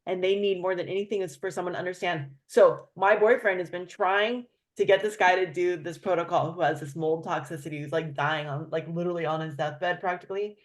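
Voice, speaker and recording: A woman hosting a casual chat, telling a story with lively, acted-out quotes of other people. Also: lowish voice, a little fast, hardly any pauses. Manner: animated storyteller, acts out quoted voices. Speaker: host.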